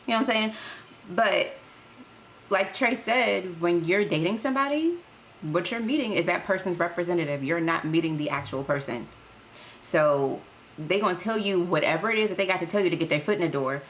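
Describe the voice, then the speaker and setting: A woman's voice: lowish voice, a little fast, a little hiss or hum. A woman co-hosting a podcast, reading viewer comments and giving frank, matter-of-fact opinions. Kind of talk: casual podcast chat.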